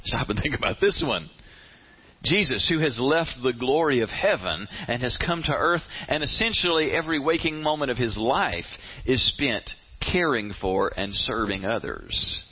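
A man preaching a sermon, retelling a story with animated flair and asking the audience questions directly. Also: mid-range voice, moderate pace, breathy edge. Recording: dull lo-fi sound.

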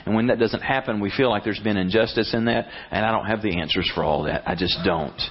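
A man preaching a sermon as pastor, animated and blunt, acting out prayers in a rising voice. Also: fairly low pitch, quick pace, dull audio.

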